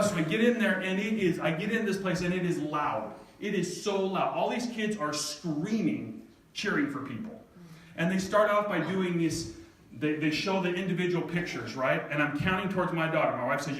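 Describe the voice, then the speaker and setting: A middle-aged man telling a personal story to an audience, animated and self-mocking, often laughing. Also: fairly high pitch, normal speed. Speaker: speaker at a live event. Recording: echoey hall from far off, faint noise.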